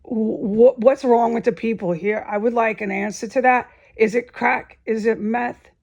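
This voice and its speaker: Gravelly, agitated woman ranting. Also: on the high side, a little slow, dull audio. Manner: agitated and profane, voice rising to near-shouts. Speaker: vlogger. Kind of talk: angry ranting monologue.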